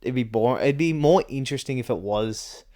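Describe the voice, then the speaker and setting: A man's voice: medium pitch, fairly quick, warm tone. A man hosting his own vlog, rambling through casual chat about fights, swearing often and laughing between points. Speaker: MMA commentary vlogger.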